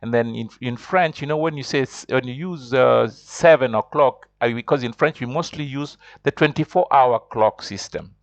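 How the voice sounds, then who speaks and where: A man's voice: mid-range voice, normal speed, gravelly, few pauses, no room sound, highs cut off. A man teaching a beginners' French lesson online, explaining step by step and repeating himself often.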